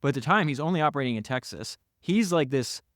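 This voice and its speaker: A man's voice: mid-range voice, animated, fast talker, fairly bright tone, no room sound. A man in a mid-range voice hosts a podcast, recounting a biography with eager enthusiasm and plenty of restarts. The sound is dry and close, with no room around it. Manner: enthusiastic, frequent restarts and "you know". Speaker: podcast host. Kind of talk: retelling a biography, casual podcast talk.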